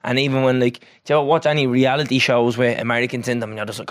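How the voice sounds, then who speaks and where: A male podcast host chats casually with a guest. His voice is of middle pitch and he speaks fast, stringing thoughts together with plenty of fillers. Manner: fast, chatty, filler-heavy.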